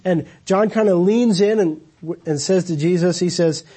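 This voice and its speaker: A man's voice: sits high, moderate pace, warm tone, husky. A man preaching a sermon as pastor, telling the story in a casual, conversational way with rhetorical questions. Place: church.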